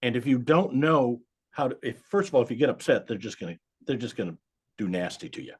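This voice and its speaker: Husky older man, blunt and lively. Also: medium pitch, quick pace. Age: 70s. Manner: blunt, emphatic, swears casually. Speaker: guest, accountant. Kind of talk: storytelling in a podcast interview.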